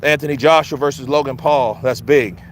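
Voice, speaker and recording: A man's voice: mid-range voice, a little fast, slight background noise. A man with a Philadelphia accent hosting casual boxing commentary, loose and joking, hyping things up with repeated chants. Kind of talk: casual live-stream chat.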